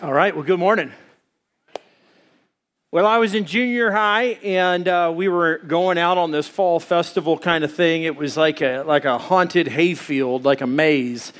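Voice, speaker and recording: A male pastor preaching a sermon, telling a lively personal story and acting out his own screams. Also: a little high, measured pace.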